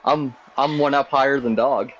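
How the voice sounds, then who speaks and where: A man's voice: medium pitch, fairly even intonation, moderate pace, a bit bright, some chatter behind, low-quality recording. A man doing jokey, rambling commentary over a video game wrestling match, teasing his co-hosts. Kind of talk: jokey role-play commentary.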